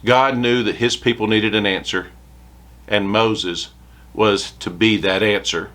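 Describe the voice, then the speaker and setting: A man's voice: lowish voice, steady tone, measured pace, a bit bright. A man preaching a short devotional sermon, reading scripture aloud with rising emphasis.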